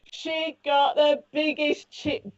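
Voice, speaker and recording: A woman's voice: high-pitched, takes it slowly, no echo. Middle-aged woman telling stories. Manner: lively storyteller who acts out what people said. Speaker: psychic medium guest. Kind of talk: casual chat, storytelling. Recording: dull, dry sound.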